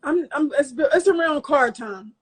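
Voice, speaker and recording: A woman poet, a guest in an interview, telling her own story in a casual, lively, self-mocking way. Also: high voice, a little slow. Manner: lively, self-mocking, slips into quoted voices.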